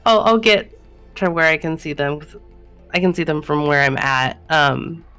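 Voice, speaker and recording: A woman's voice: low-pitched, animated, normal speed, fairly bright tone, smooth, soft background music. A woman playing a tabletop game, talking tentatively and thinking aloud. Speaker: player.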